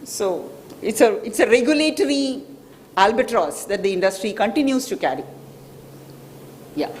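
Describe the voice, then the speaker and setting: A woman's voice: a little high, lively intonation, normal speed, a little hiss or hum. A woman with an Indian English accent giving a public talk as a financial expert, explaining with frequent "right?" checks to the audience. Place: hotel event hall.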